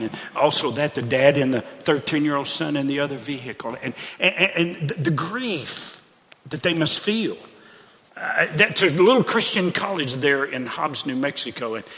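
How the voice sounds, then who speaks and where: A man's voice: medium pitch, bright, forceful tone. A pastor preaching a sermon in an earnest, conversational way, often repeating his phrases. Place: church sanctuary. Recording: preacher in a reverberant sanctuary.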